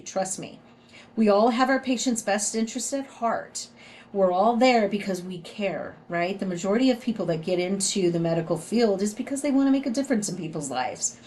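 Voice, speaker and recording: A woman's voice: medium pitch, a little mellow, slight background noise. A middle-aged woman with a Southern US accent, giving a recorded nursing lecture in a conversational way, often adding "right?" to her points. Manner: conversational, frequent "right?" tag questions. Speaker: nursing instructor.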